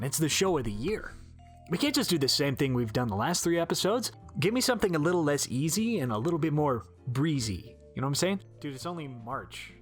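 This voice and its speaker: A man's voice: medium pitch, a bit bright. A playful Midwestern podcast host with a mid-range voice that swings all over the place. He bickers with himself in scripted banter, recorded at home in his bedroom. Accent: American Midwest.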